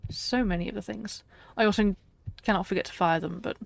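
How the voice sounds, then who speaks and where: A woman's voice: mid-range voice, fairly quick, vocal fry. A woman streaming a survival game, chatting to viewers and talking herself through tasks, laughing often. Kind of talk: casual live-stream chat.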